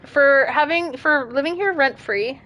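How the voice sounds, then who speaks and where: A young woman streaming a game, chatting casually and self-deprecatingly, with bursts of excited squeals. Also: sits high, measured pace, muffled recording. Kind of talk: casual gameplay commentary.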